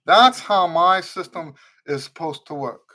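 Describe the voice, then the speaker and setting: A man with a higher-than-usual voice hosts a live trumpet Q&A stream. He talks in a loose, earnest way, circling back and repeating phrases to press a point. Between points he greets viewers by name and reads their comments aloud. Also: measured pace, pushed and bright. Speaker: trumpet teacher hosting a live Q&A. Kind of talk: unscripted live-stream teaching.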